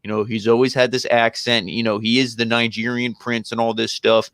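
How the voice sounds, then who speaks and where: A man's voice: medium pitch, brisk, no room sound. A man with a mid-range voice co-hosts a casual podcast, recorded dry with no room sound. He rambles easily and leans on lots of filler words. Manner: relaxed, rambling, heavy on fillers like "you know" and "I mean". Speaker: co-host of a wrestling review show.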